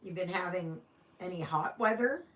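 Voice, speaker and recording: A woman's voice: on the low side, animated. A woman from Canada hosting a casual stitching livestream, chatting unhurriedly and greeting viewers by reading their comments aloud. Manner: unhurried, rambling with fillers. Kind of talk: casual live-stream chat.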